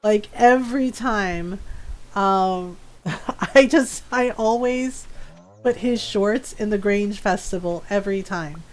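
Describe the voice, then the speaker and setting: A woman's voice: medium pitch, slow pace, darkish tone. A woman game streamer chatting casually and playfully while she plays. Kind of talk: casual chat while playing.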